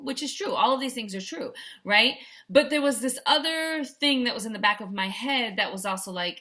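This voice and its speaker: A woman's voice: medium pitch, moderate pace, sharp tone. A middle-aged woman life coach in a chatty vlog, telling a story and often checking in with "right?". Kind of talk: casual vlog talk to camera.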